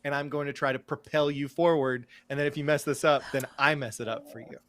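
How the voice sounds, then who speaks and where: Wry, bright-voiced man player. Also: medium pitch, fairly even intonation, a little hiss or hum. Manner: wry, halting, mock-formal. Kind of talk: playing a tabletop game.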